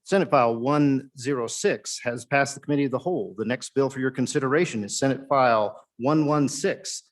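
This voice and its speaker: Man chairing a legislative vote. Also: medium pitch. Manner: formulaic, measured. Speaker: presiding chairman. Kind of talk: procedural chairing. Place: legislative chamber.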